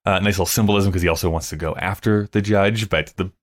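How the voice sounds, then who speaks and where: A man's voice: low voice, steady tone, fast. A man hosting a podcast, chatting casually and laughing as he talks through a musical. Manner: chatty, laughs often, quotes lyrics. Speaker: podcast host. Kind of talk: casual chat about a musical.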